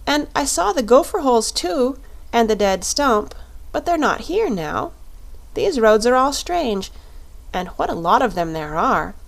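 A woman's voice: a little high, very animated, unhurried, vocal fry, exaggerated voice. An earnest little girl from a storybook, lost and puzzled, asking questions in a lifted, girlish voice, as a woman reader puts her on. She sounds sincere and a bit anxious. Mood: bewildered.

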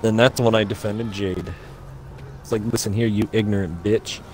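A man's voice: lowish voice, fairly even intonation, moderate pace, darkish tone, a little hiss or hum. A man gaming with friends in a voice chat, telling mocking stories with lots of swearing and laughter. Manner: profane, laughing, mocking storytelling. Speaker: gamer chatting in a party. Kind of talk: casual chat over gameplay.

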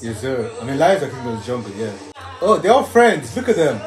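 A man's voice: medium pitch, very animated, brisk. A young man hosting a casual film reaction with his brothers, upbeat and jokey. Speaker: channel host reacting to a film. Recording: echoey room with film music behind.

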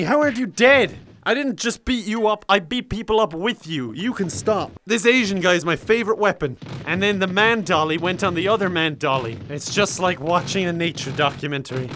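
A young Irish man commentating on a game with high-pitched, excitable energy. His voice is bright and sharp as he jokes, yells and laughs along. A faint hiss sits under the recording. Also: brisk, few pauses. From Ireland. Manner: excitable, joking, often laughing and yelling. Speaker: gaming YouTuber. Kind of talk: gameplay commentary.

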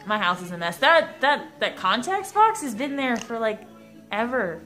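A woman's voice: a little high, very animated, moderate pace, a bit bright, faint music behind. A young woman vlogging at home, chatting casually in a rambling, self-mocking way. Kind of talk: casual vlog chat. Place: at home indoors.

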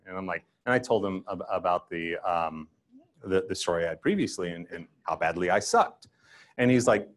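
A man's voice: low-pitched, animated, brisk. An older man giving a conference talk, telling self-deprecating stories and acting out his younger self. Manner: self-deprecating storytelling, acts out his past self. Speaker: guest speaker.

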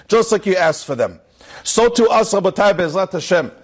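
A rabbi tells a story in his Torah class in a high, husky voice. He talks with animation and lifts his voice higher whenever he quotes the people in the story, mixing into his English. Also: animated, moderate pace.

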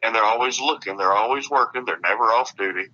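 A man with a low voice and a forceful, tense edge talks earnestly about his work, often breaking off and restarting his sentences. The audio is dull and lo-fi, like a radio broadcast. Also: fast. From Alabama. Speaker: author being interviewed. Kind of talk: casual radio interview.

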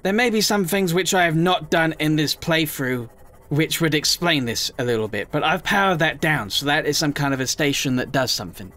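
A man giving chatty, emotional let's play commentary, often squealing up high in excitement. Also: fairly quick.

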